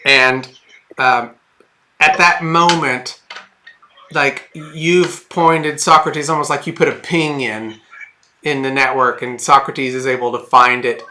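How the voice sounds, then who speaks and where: A man's voice: medium pitch, steady tone, slow, sharp tone, slight background noise. A man running a tabletop game as game master, narrating in a rambling, hesitant way with many fillers and restarts.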